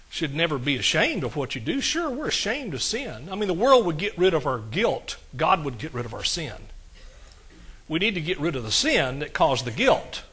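A man with a drawl delivers a sermon in a folksy, conversational way, often turning to his congregation with quick asides. His voice is bright and sits slightly high. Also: husky. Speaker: pastor.

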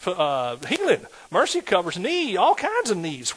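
A man preaching a sermon in a lively call-and-response manner, asking the congregation questions. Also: high voice, a little slow, few pauses, breathy edge.

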